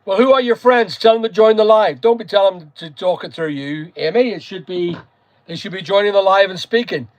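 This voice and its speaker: A man's voice: sits high, fairly quick, no room sound. A man from Northern Ireland with a Northern Irish accent, hosting a casual live chat, rambling and greeting viewers by name. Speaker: live stream host.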